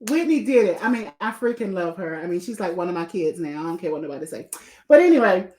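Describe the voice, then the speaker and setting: A woman's voice: fairly low pitch, fast talker. A middle-aged woman hosting a podcast, chatting casually with a guest and heaping on praise. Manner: warm, effusive, repeats praise. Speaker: podcast host. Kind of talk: casual interview chat.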